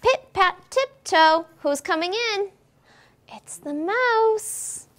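A woman with a very high voice reads slowly from a picture book during library storytime. As the children's librarian, she's expressive and sing-song, asking the kids questions along the way.

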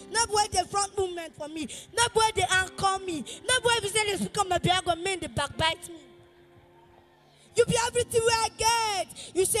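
A worship leader with a Nigerian accent and a very high voice leads chanted praise at a church service. Her fervent lines are half-sung and often shouted, and she calls on the congregation to repeat after her.

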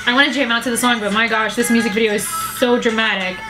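A woman's voice: fairly high pitch, steady tone, fast, rough recording. A woman hosting a music video reaction vlog, full of gasps and emotional exclamations. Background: music video playing.

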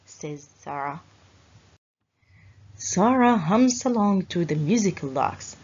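Slow, lively woman reading a storybook. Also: lowish voice, breathy edge, muffled recording. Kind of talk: storybook narration for children.

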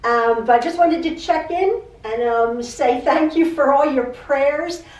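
Middle-aged woman, quilting-channel host, slightly high voice; rambling chat with stammers, mic set back in an echoey room. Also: measured pace, darkish tone, recorded from a distance. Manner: chatty, repeats herself, stammers and restarts. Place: home sewing room.

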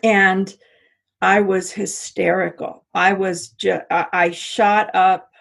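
A middle-aged American woman telling a personal story in an interview, halting with frequent restarts. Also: mid-range voice, flat delivery, gravelly, husky. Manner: halting, many restarts and repeats. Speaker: interview guest.

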